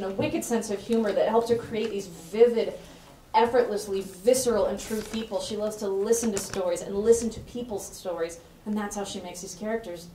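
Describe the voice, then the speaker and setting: A woman's voice: fairly high pitch, slight background noise. A woman giving a heartfelt introduction speech for an author at a bookstore event, chatty and effusive, laughing often as she talks. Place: bookstore event room with an audience. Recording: roomy hall, voice picked up from a distance, faint ambience.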